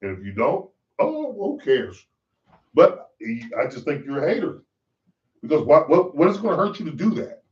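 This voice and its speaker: A man's voice: a little high, sing-song, moderate pace, a little mellow. A man hosting a podcast, delivering a profane, preachy ranting monologue. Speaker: podcast host. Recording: roomy, distant, dull lo-fi sound.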